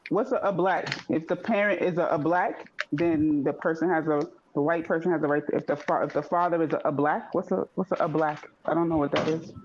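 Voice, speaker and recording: Male co-host, relaxed rambler, high voice, noisy dull call line. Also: a little fast, hardly any pauses. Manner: laid-back, rambling storytelling. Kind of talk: casual group chat.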